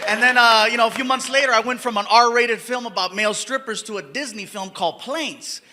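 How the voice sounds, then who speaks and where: A male stand-up comedian telling an animated story on stage, breaking into shouts. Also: extremely high pitch, a little fast, background noise. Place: comedy stage before an audience.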